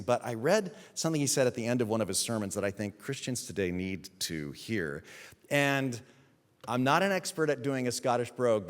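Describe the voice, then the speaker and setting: Male pastor preaching, swings up and down a lot, church reverb on it. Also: mid-range voice. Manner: emphatic, storytelling, dramatic pauses. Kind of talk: sermon. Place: church sanctuary.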